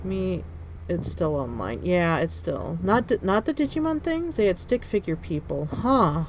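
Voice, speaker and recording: A woman in her thirties, live-streaming a game and chatting in a casual, animated way that reacts loudly to the game. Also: lowish voice, measured pace, slight background noise.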